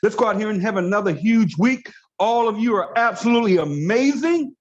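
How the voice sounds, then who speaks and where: Brief: fired-up man preaching to a team, slightly high voice, muffled call audio. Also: expressive, a little fast. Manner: passionate, preachy. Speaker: network marketing leader. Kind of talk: motivational call speech.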